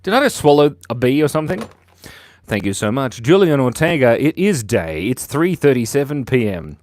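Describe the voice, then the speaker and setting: A man hosting a live drawing stream, cheerful and chatty, his voice bouncing up and down in pitch as he thanks viewers one after another. He talks into a clip-on mic, and the sound is dry and close with no room echo. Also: sing-song, normal speed, darkish tone. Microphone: clip-on lapel mic.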